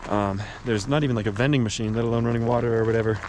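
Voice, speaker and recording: A young thru-hiker narrates his hiking vlog on a mountain trail beside a highway, rambling in a relaxed way full of filler words. His medium-pitched, darkish voice races along with fairly even intonation. Traffic, wind and other outdoor noise fill the recording.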